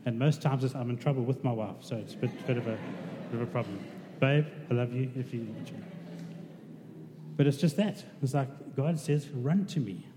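A man's voice: medium pitch, normal speed. Guy preaching in a big echoey hall, chatty, a bit of hiss. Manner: conversational, asks the congregation questions. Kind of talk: sermon. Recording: reverberant hall with faint noise.

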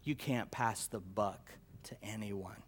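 Guy preaching real slow n deliberate, gets loud and emphatic then drops quiet, repeats himself a lot. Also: a little hiss or hum. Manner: swings from loud emphatic declarations to low quiet asides; slow, deliberate delivery with repetition and stammered restarts. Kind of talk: sermon.

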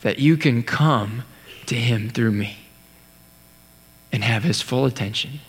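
A man preaching a sermon, telling a story in an earnest way, with pauses and restarts. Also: medium pitch, slightly rough. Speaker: pastor. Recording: long hall reverb.

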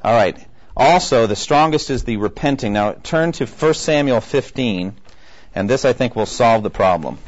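A man delivers a conversational Bible teaching lecture in a mid-range, animated voice at moderate pace. He acts out the quoted voices and keeps checking in with listeners, captured on a dull lo-fi recording.

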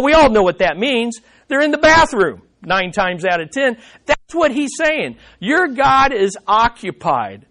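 A man's voice: high voice, a bit bright, rough recording. A man preaching a sermon, teaching through a Bible passage in an emphatic, conversational way.

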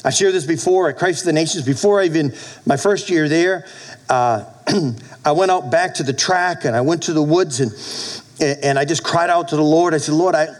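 Delivering his sermon at a moderate pace, this fifties-aged male pastor has a slightly high voice and plenty of animation. He often starts over, and his volume falls abruptly into soft moments.

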